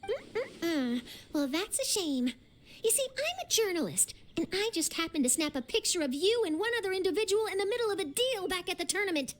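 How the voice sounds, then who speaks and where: Charlotte, a pushy young reporter. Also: female voice, very high voice, very animated, brisk. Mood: probing. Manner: probing, teasing, confident. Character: pushy inquisitive young woman journalist. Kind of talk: video game voice acting.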